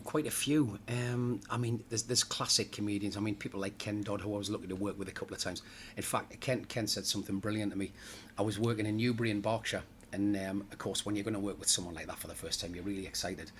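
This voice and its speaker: Middle-aged man, panto comic; rapid, jokey anecdotes in an interview. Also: fairly low pitch, slight background noise. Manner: chatty and jokey, laughs at his own stories. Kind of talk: casual interview chat.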